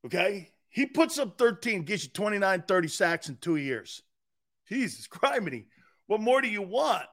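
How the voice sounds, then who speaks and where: Brash, high-voiced sports talk host. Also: male voice, very animated, moderate pace, fairly bright tone. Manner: brash, profane, rambling, talks to chat. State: short on sleep, edgy.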